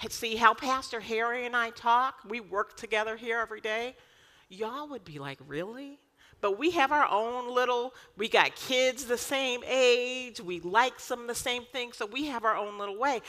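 A woman, preaching a lively sermon full of emphatic rhetorical questions. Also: fairly high pitch, big-room sound. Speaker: pastor.

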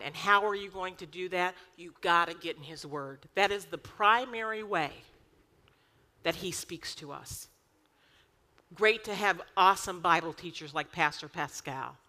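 A woman, preaching a lively sermon full of emphatic rhetorical questions. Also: fairly low pitch, in a large hall. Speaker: pastor.

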